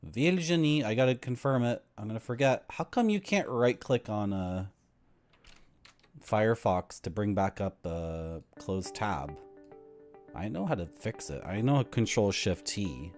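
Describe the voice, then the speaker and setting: Man, game streamer, animated, ranting commentary, reads on-screen text. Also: on the low side, unhurried, faint music behind. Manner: ranting, lively. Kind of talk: gameplay commentary and reading game text aloud.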